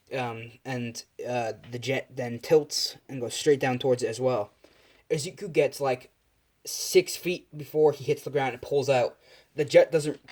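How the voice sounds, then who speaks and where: A man's voice: medium pitch, darkish tone. A young man telling an improvised fan story, rambling with many fillers and restarts, and speaking the characters' lines in his own plain voice.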